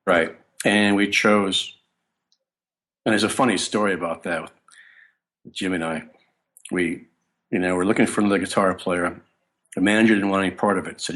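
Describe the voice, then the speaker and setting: Deep-voiced man telling rambling stories. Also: fairly even intonation, brisk, pauses often, fairly bright tone. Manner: rambling, anecdotal, self-interrupting. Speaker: guest bassist. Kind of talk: casual interview storytelling.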